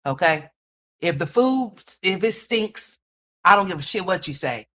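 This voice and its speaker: A woman hosting a livestream, reacting to chat in a loud, profane, animated way and calling viewers "y'all" and "honey.". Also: lowish voice, measured pace. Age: adult mother. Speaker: livestream host.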